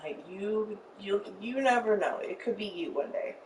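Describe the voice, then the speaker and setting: A woman's voice: mid-range voice, moderate pace, far from the mic, noisy background. A young woman from Arizona rambling through an emotional personal story with lots of fillers while she plays a game. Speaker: streamer telling a story. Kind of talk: casual storytelling while gaming.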